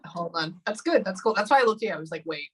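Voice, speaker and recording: A woman in her thirties giving a spirit reading, talking haltingly and thinking aloud with many pauses. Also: mid-range voice, animated, slightly rough, low-quality recording. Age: 30s. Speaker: psychic medium.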